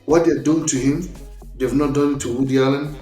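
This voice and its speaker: Man in an echoey room, blunt and halting. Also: medium pitch, fairly even intonation, dark tone, faint music behind. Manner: halting, many restarts, blunt and worked up. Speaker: podcast guest. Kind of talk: casual chat.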